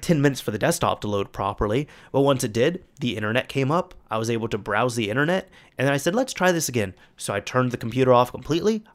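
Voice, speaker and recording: A young man casually telling a story about fixing a friend's computer, acting out the quoted dialogue with lively energy. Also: medium pitch. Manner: animated, acts out quoted dialogue. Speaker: storyteller recounting a tech fix.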